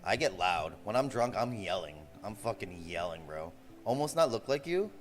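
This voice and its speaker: Animated, profane man in his forties. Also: on the low side, normal speed, faint music behind. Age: 40s. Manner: loose, profane, animated, says "bro" a lot. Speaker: streamer. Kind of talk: casual storytelling chat.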